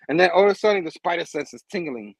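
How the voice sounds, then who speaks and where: A man casually recapping a comic book, laughing often and acting out the characters in quick voices. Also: a little high, slightly rough, no echo, low-quality recording.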